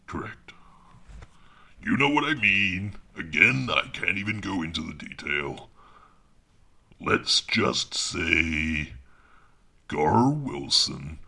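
Gravelly deep-voiced man, awkward and evasive. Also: expressive, slow, pauses often, sharp tone. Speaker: audiobook narrator. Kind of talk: deadpan comedy monologue.

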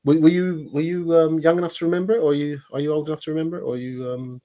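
A man's voice: on the high side, steady tone, rapid-fire, mellow. A man hosting a football history podcast, talking in a chatty, meandering way with many restarts. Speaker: podcast host. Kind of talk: casual podcast chat.

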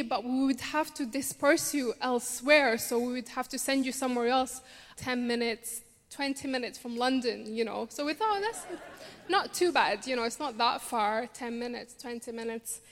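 A woman's voice: sits high, moderate pace. A woman in her twenties from Somalia with a Scottish accent, telling her own story earnestly with dry humor on a theatre stage. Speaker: refugee campaigner speaking at a charity show. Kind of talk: personal story told on stage. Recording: long theatre hall reverb.

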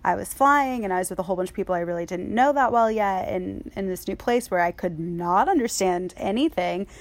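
Casting: young woman, casual chat, lively, quick storyteller. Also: mid-range voice. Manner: animated storyteller, quick and chatty.

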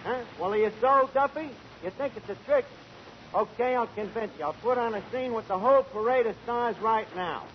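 Wisecracking scheming tavern manager, lively highish voice, dull 1940s broadcast. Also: male voice, a little fast, heavy background noise. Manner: brash wisecracking with malapropisms. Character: brash, scheming bar manager. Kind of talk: 1940s radio sitcom acting.

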